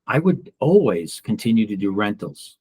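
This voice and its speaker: A middle-aged man, a real estate broker giving a casual office training talk in a blunt, animated way and acting out the people he quotes. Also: fairly low pitch, normal speed, husky.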